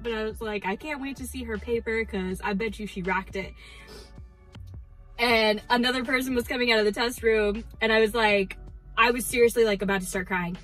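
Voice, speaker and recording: A young adult woman, a teacher, chatting excitedly to camera in a casual vlog, full of fillers and quick restarts. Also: on the high side, soft background music, low-quality recording. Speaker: teacher vlogger.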